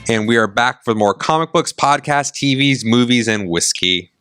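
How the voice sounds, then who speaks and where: Guy co-hosting a chill podcast, bright punchy voice, dry close mic, acts out his stories. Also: medium pitch, moderate pace, clean tone, dry recording, faint music behind. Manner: animated storyteller who acts out exchanges. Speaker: podcast co-host. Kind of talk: casual chat over whiskey. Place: indoor studio set, on camera.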